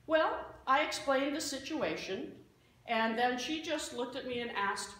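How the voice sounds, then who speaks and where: A woman's voice: sits high, expressive, measured pace, a bit bright. A woman pastor preaching a sermon as a self-mocking story, recorded in a church sanctuary. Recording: very echoey church hall, faint noise.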